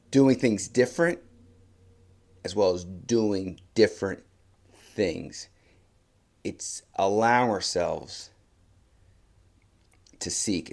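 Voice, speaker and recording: A man giving a motivational talk, telling a story and then reflecting slowly with soft pauses. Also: fairly low pitch, gravelly. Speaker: motivational speaker.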